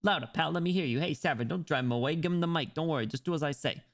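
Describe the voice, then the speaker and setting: A man's voice: a little high, very fast, lightly acted. A man doing a cocky penguin rap star. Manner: cocky and boastful.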